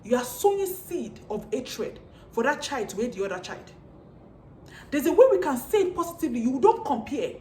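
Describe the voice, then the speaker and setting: High-voiced woman lecturing parents. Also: dark tone, slight background noise. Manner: repeats pointed rhetorical questions. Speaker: parenting vlogger. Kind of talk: preachy monologue to parents. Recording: echoey room.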